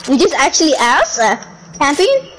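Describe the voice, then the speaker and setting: A high, lively woman chatting as she plays a shooter, giggly and teasing, quick to complain when she gets hit. Gunfire and game clatter sound loudly behind her. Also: background noise. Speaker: gamer. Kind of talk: casual chat while playing a shooter game.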